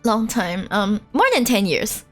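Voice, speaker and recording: A young woman streaming a game, chatting casually in an animated, giggly way. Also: medium pitch, unhurried, faint music behind. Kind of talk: casual let's-play chat.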